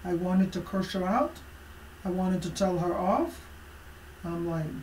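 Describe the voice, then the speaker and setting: A woman's voice: on the low side, slow pace, far from the mic, a little hiss or hum. Woman coach telling a story in an echoey room. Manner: emphatic and expressive, with frequent fillers. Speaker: life coach. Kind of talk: motivational personal storytelling. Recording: roomy echo from away from the mic.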